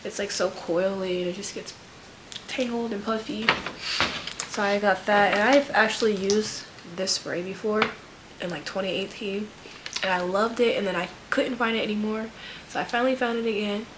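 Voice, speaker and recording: A woman vlogger who works full-time as a nurse rambles in a laid-back way about her shopping haul, her nose stuffy and her speech full of fillers. Her mid-range voice is fairly even at a moderate pace, with heavy background noise.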